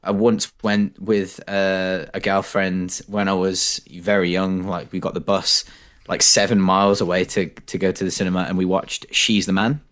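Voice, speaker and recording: A man's voice: deep voice, flat delivery, moderate pace, a bit bright. A young British man co-hosting a podcast, telling stories in a chatty, self-deprecating way. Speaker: podcast co-host. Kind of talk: casual chat.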